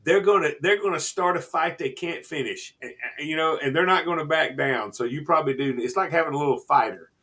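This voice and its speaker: A man co-hosting a radio show in casual chat, animated and repeating words as he exclaims. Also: on the high side, brisk, hardly any pauses. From United States. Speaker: radio co-host.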